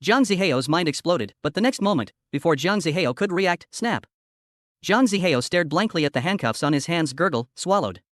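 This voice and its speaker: Fast-talking male story narrator. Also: a little high, animated, a bit bright, no echo, studio quality. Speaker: recap narrator.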